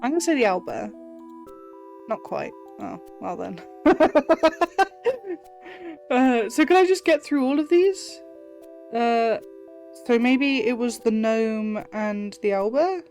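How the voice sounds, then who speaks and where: A woman's voice: on the high side, animated, takes it slowly, long pauses, darkish tone, soft background music. Woman streamer reading game text aloud. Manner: chatty, playful, puzzling things over.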